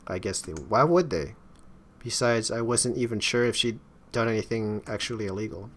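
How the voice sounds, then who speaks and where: Low-voiced man with wry, stumbling asides. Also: lively intonation, normal speed, a bit bright, slight background noise. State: strained throat. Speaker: gaming YouTuber. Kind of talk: casual let's-play commentary and narration.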